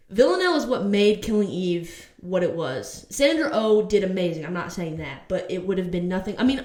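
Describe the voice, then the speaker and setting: A woman's voice: medium pitch, echoey room. A woman vlogger giving a casual TV review, ranting heatedly and swearing.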